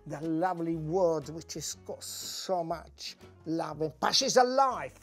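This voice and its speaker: Exuberant Italian-accented chef. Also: male voice, a little high, lively intonation, unhurried, fairly bright tone, soft background music. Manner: exuberant, exclaiming, broken English. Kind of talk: cooking demonstration. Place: by a wood-fired oven.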